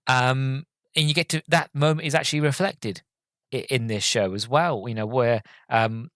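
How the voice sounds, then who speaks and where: Male podcast host, mid-pitched, heartfelt rambling review, dry sound. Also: fairly even intonation, normal speed, a bit bright, no echo. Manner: earnest, heartfelt and rambling, with many restarts. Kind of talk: casual film review.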